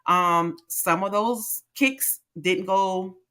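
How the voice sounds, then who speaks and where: Woman co-host, very bright tense tone, chatty, halting ums. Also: mid-range voice, clear, resonant tone. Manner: chatty, gives advice with hesitant ums. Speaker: podcast co-host. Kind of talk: casual chat.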